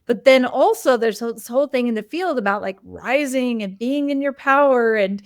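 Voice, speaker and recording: A woman's voice: on the high side, lively intonation, normal speed, no echo, clean studio sound. A woman hosting a conversation, telling a candid personal story in a loose, open way with frequent "like" and "you know" fillers. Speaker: host.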